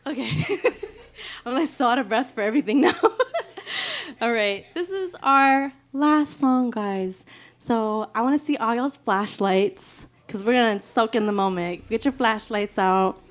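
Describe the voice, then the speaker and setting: A woman with a slightly high voice talks loosely to a crowd between songs at a small music venue. She is giggly and chatty, peppering her talk with "like" and "y'all" as she banters with the audience. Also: expressive, a little slow. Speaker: singer performing live. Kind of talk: casual stage banter with an audience.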